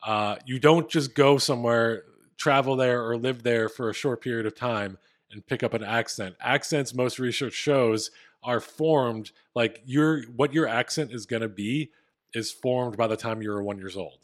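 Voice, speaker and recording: A man's voice: mid-range voice, unhurried. Man casually explaining on a podcast. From Philadelphia. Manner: explanatory, wry storytelling. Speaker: podcast co-host. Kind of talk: casual chat.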